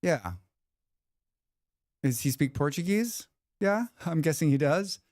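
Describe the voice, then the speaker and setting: A man's voice: a little high, lively intonation, takes it slowly, a little mellow, no echo, studio quality. A man hosting a livestream, chatting casually with viewers in a rambling, joking way with lots of restarts. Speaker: livestream host. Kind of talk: casual chat reading viewer comments.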